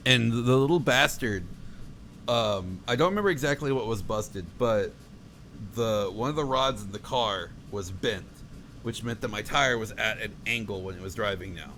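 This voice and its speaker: A young man telling a road-trip story on a podcast, swearing a lot and acting out his own shouts. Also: fairly low pitch, moderate pace, slight background noise. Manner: profane, animated, acts out his own shouts. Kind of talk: casual storytelling chat.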